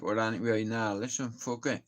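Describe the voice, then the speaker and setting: A man's voice: fairly low pitch, steady tone, moderate pace, a little hiss or hum. A young Irish man chatting live on stream, telling rambling sweary stories and laughing at them. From Ireland. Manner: sweary, rambling storytelling, laughs at own tales. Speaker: livestreamer. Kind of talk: casual live-stream chat.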